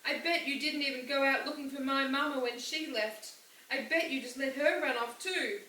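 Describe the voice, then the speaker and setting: A woman's voice: high voice, big pitch swings, moderate pace, voice pushed up. A woman voicing a stubborn, heartbroken young girl. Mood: pleading, upset. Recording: roomy, distant mic, faint hiss.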